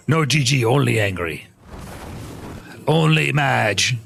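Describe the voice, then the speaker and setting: A young man live-streaming a game, talking to his chat in an excitable, laughing, apologetic way. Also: mid-range voice, normal speed, slight background noise.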